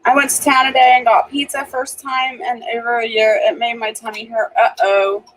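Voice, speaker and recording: A woman's voice: fairly high pitch, little pitch movement, moderate pace, fairly bright tone, a little hiss or hum, low-quality recording. A woman hosting a homestead channel, chatting casually on a live stream from her home kitchen and laughing often as she reads viewer comments.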